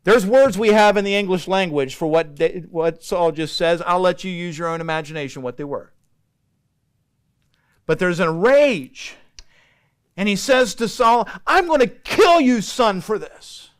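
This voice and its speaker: A man teaching a midweek Bible study, his voice smooth and clear and sitting a little high for a man. He retells scripture casually and conversationally, slipping into the characters' lines as he goes. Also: normal speed, pauses often. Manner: conversational storytelling with acted-out dialogue. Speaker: pastor.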